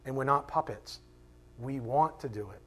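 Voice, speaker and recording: A man's voice: mid-range voice, moderate pace. A man teaching a Bible class in a conversational way, asking rhetorical questions and acting out quoted voices. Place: classroom with a board.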